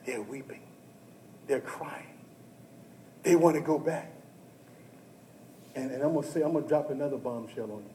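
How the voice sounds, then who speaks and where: A male pastor preaching a sermon who talks straight to the congregation and swings from hushed talk to shouting. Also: medium pitch, moderate pace, long pauses, reverberant, a little hiss or hum, rough recording. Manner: addresses the congregation directly and often.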